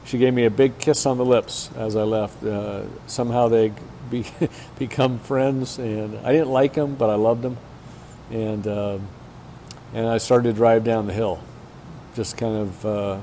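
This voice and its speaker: A man's voice: lowish voice, fairly even intonation, a little slow, dark tone, slight background noise. A man speaking as a pastor and church planter at a conference, telling a personal story frankly with plenty of fillers.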